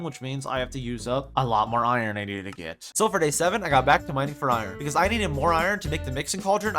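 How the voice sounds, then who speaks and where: A young man commentating his own gameplay, jumping between flat narration and startled outbursts. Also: fairly high pitch. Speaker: gaming YouTuber. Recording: background music under the voice.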